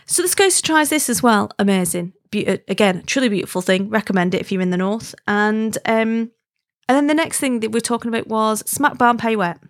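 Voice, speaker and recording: A woman's voice: on the high side, fairly quick, no echo, studio quality. A married woman from Wigan with a Wigan accent, telling a story in an emphatic, chatty way and often asking "right?". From Wigan, northern England. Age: adult, married. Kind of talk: casual storytelling.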